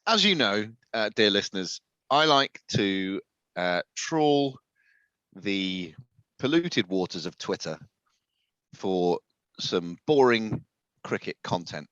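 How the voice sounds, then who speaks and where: A man's voice: lowish voice, sing-song, slow pace, long pauses, fairly bright tone, no echo. A man co-hosting a casual podcast chat, with a dry, sardonic manner, chuckling as he reads things out. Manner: dry, sardonic, laughs while reading tweets. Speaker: podcast co-host. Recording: dull, muffled dry sound.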